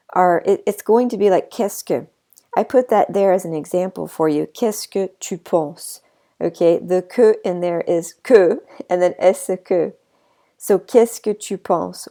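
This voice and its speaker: A woman teaching a language lesson, her voice low and gravelly with vocal fry. She explains at an easy pace, with fillers and chatty asides, and has a slight cough. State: a bit of a cough. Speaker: French teacher.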